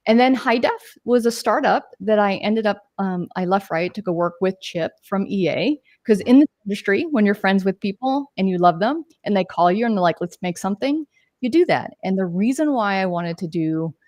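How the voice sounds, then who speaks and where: A woman's voice: mid-range voice, expressive, normal speed, darkish tone, no room sound, studio quality. A woman in her forties, a podcast guest telling her career story in a chatty, rambling way with tangents and fillers. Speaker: podcast guest, games marketer. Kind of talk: casual interview storytelling.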